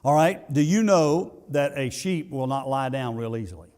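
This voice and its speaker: A man preaches from the pulpit of a church sanctuary, swelling to forceful high points before dropping into quiet asides and occasionally stumbling into repeats. He has a medium-pitched voice with lively intonation.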